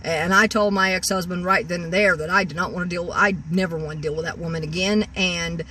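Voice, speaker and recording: A woman's voice: lowish voice, steady tone, a little fast, sharp tone, distant mic, a little hiss or hum. A woman in her sixties vlogging from her parked vehicle, rambling on with many restarts and repeated words. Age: 60s. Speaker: car-camping vlogger. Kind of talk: rambling vlog rant. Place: parked vehicle in a store parking lot.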